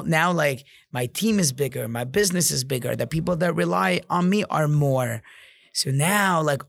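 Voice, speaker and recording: A man's voice: on the high side, gravelly, no room sound. A man hosting a casual motivational podcast monologue, blunt and profane, with lots of "like" and "you know". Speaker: podcast host and business owner.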